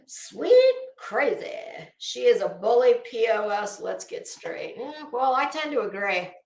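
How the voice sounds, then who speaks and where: A woman's voice: a little high, very animated, slow pace, creaky, darkish tone, reverberant. A woman hosting a casual live commentary stream, chatting with viewers in a gossipy, sarcastic way and laughing often. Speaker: YouTube commentary host.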